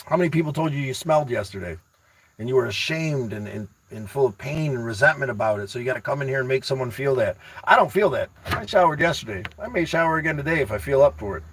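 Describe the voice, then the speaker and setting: A man hosting a casual livestream, reading chat aloud and rambling excitably with motivational talk, often repeating his words. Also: medium pitch, fast, husky, poor audio. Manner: addresses viewers by name, teasing.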